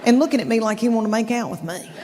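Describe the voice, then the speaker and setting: Southern female comic, 50s, higher pitch, drawling and chatty, faint room noise from a live stage. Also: very fast, big-room sound. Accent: Southern American. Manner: chatty, drawling, addresses the audience directly. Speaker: stand-up comedian. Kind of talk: stand-up comedy set. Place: theater stage before a live audience.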